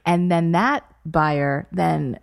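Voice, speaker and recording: Playful woman host with a lower voice. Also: steady tone, drawn-out words, creaky. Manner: playful, teasing. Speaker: podcast host. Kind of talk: casual interview chat.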